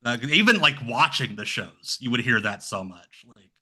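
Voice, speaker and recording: Bright-voiced man in casual chat. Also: mid-range voice, moderate pace, slightly rough. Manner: rambling, animated impressions of others. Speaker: podcast guest.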